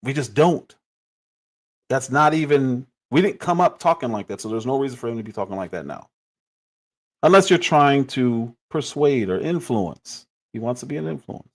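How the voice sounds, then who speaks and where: A man's voice: medium pitch, lively intonation, normal speed. Exasperated man commenting on clips. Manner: critical, exasperated, incredulous.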